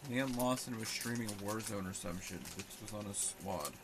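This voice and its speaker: A man's voice: fairly low pitch, normal speed, noisy background. A young man rambling sarcastically on a casual live stream while he talks back to his chat.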